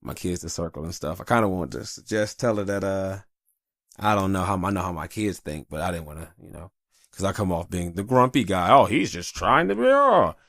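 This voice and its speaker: A man's voice: sits low, fairly quick, a bit bright, no room sound, clean studio sound. A tired man hosting a podcast in casual, rambling, profane chat. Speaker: podcast host.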